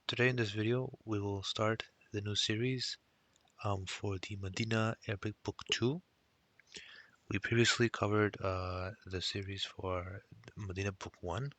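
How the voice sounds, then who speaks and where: A man's voice: on the low side, fairly even intonation, measured pace, fairly bright tone, no echo. A man teaching a recorded language lesson, explaining step by step and mixing Arabic phrases into his English.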